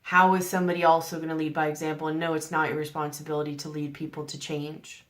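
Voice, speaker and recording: Woman, tarot reader, deep-pitched voice, earnest, coaxing, rhetorical questions. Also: little pitch movement, quick pace. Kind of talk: general tarot reading to camera.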